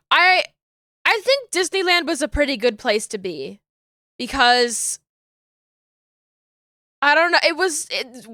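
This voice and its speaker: A woman's voice: a little high, pushed and bright, smooth, dry recording, studio quality. A young woman streamer chatting casually and swearing freely as she rambles. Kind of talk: casual livestream chat.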